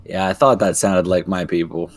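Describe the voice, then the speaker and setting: A man's voice: low voice, fairly even intonation, moderate pace, soft background music. A man playing a tabletop game who questions another character bluntly, in character. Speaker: player.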